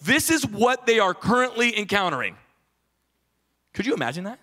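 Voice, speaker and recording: A man preaching a sermon as pastor, animated and conversational, with quick restarts and acted-out quotes. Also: high voice. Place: church stage.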